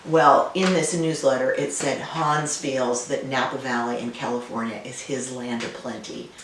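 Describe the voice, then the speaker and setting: A woman winemaker being interviewed, telling stories and remembering in a warm, conversational way. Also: very deep voice, fairly even intonation, normal speed. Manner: warm storytelling, reminiscent. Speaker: winemaker guest. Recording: roomy, distant, faint noise.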